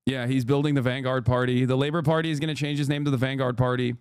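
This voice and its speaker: A man's voice: mid-range voice, little pitch movement, fast talker, clear, resonant tone, no room sound, studio quality. A man streaming political commentary in a casual, rambling, mocking way, cursing and repeating himself. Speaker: streamer reacting to news.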